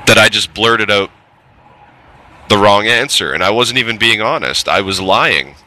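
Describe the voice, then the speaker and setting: A man's voice: lowish voice, bright, forceful tone, poor audio. A middle-aged man telling a candid, plainspoken story from his years in the trades, with some mild swearing. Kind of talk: casual storytelling monologue.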